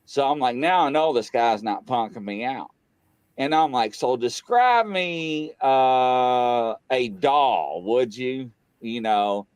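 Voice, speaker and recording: Male guest, casual storyteller, average pitch, dry close mic, acts out the dialogue. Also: slow pace, clear, resonant tone, no echo. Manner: animated, acts out quoted dialogue, voice jumps high when excited. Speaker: guest on a paranormal talk show.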